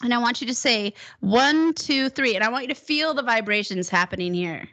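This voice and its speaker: A woman teaching a one-on-one singing lesson, encouraging her student and demonstrating high whoops. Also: animated, fast talker, bright, forceful tone.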